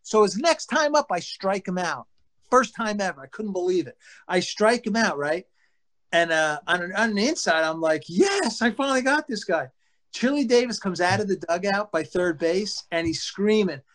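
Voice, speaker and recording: High-voiced former ballplayer telling stories. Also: male voice, normal speed. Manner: animated, acts out teammates' lines in quotes; swears casually. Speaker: former baseball pitcher as guest. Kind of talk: casual anecdotal storytelling.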